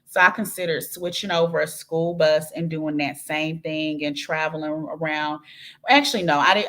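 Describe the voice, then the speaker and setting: A woman hosts a relaxed livestream, chatting with her viewers and reacting to their comments. Her voice is bright and clear, and she swings between easygoing storytelling and playful, teasing questions. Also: sits low. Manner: animated, playful, teasing, laughs often, says "girl" and "y'all". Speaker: host reading live chat. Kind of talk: casual livestream chat.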